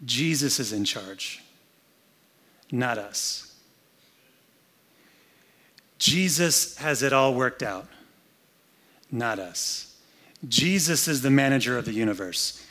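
A man's voice: mid-range voice, expressive, slow pace, pauses often, bright, forceful tone. Man preaching in a chatty, joking way. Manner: conversational, humorous, acts out scenes. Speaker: pastor. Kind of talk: sermon. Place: air-conditioned room, indoors.

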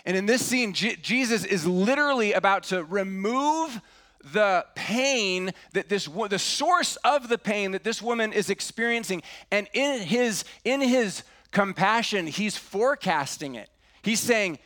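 High-voiced man preaching earnestly. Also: lively intonation, normal speed. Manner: earnest preaching, drops to a hush on key words. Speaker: pastor. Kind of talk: sermon.

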